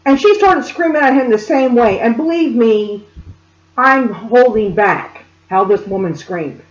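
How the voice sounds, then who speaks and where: Woman speaker, higher voice, animated storyteller, roomy lo-fi sound. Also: measured pace. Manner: animated, addresses listeners directly. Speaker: spiritual reader and speaker. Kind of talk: storytelling monologue.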